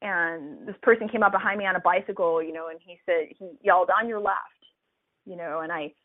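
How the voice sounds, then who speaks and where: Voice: mid-range voice, fairly even intonation, fast. A physician who trains residents speaks in a loose, conversational way, leaning on fillers and restarting sentences often. The voice comes through a narrow, tinny phone line. The sound is dry, with no room echo. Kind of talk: casual reflective talk.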